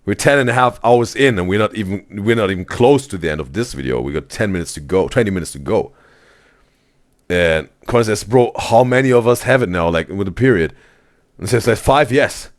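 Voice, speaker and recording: A man hosting a live stream, reading chat messages aloud in a casual, excitable way and saying "bro" constantly. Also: fairly low pitch, brisk. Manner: animated, exclaims "bro" constantly, laughs often.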